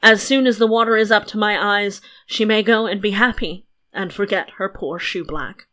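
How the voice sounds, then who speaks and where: A woman voicing a cool-headed young prince who speaks politely and in a measured way. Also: mid-range voice, sharp tone, close to an everyday voice. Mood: wistful.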